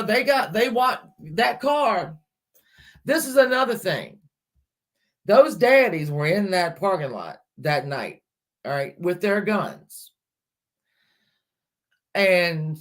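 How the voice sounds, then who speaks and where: Chatty woman with a lively voice. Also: lowish voice. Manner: chatty, talks back to chat comments mid-story. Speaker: livestream host. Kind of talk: casual true-crime storytelling to a live chat.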